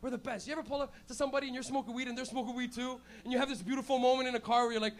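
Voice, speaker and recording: A male comedian from Canada hosting a club show, telling crude, animated stories with loud shouted bits. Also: very high voice, racing, few pauses. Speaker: stand-up comedian and host. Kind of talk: stand-up comedy set.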